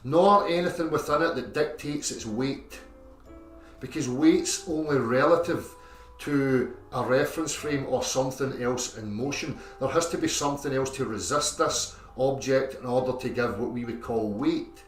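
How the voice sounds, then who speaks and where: A man's voice: mid-range voice, normal speed. A man explaining a theory step by step in a lecture style, constantly checking in with "okay?" and "right?". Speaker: video presenter. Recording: echoey, distant clip with music.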